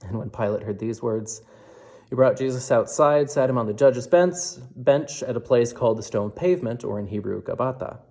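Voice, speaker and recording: A man giving a measured, solemn scripture reading for a worship service. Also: mid-range voice, darkish tone. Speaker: scripture reader.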